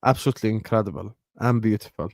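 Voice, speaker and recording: A man's voice: on the low side, fast talker, vocal fry, darkish tone, no room sound, clean studio sound. A young man hosting a livestream, chatting in a rambling, slangy way and dropping in short Arabic phrases. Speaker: livestream host. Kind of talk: casual livestream chat.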